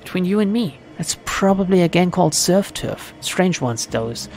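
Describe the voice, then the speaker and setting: A streamer voicing a friendly, nondescript man who deals in rumors, talking in a warm, confiding way. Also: mid-range voice, animated, normal speed, vocal fry, voice pushed up. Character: friendly nondescript middle-aged male information dealer. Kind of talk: reading game dialogue aloud.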